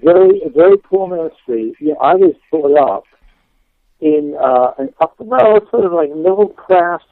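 Telling his story on a radio interview, an English guest minister is chatty and laughing, with lots of fillers and restarts. He's from England, his voice a little high, and the dry, tinny phone line has no echo.

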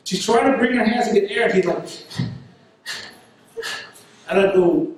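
A man preaching a sermon and telling a story in an animated way, laughing now and then. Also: high voice, normal speed, heavy reverb, recorded from a distance, low-quality recording.

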